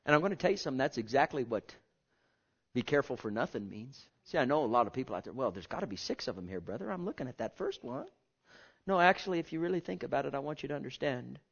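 A man preaching a sermon, swinging from hushed murmurs to loud, fervent exhortations. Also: medium pitch, expressive, fast, creaky, breathy edge, lo-fi sound.

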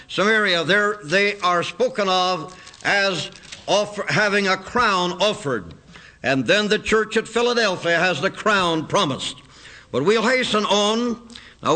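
Slow, bright-voiced man preaching. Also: high-pitched, poor audio. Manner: earnest, quotes scripture in slow measured cadence. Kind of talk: sermon.

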